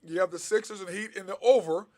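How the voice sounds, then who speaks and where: A middle-aged man, a former basketball player, co-hosting a casual sports chat, telling stories animatedly and mimicking other people. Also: fast. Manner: animated storyteller, mimics others with big pitch jumps.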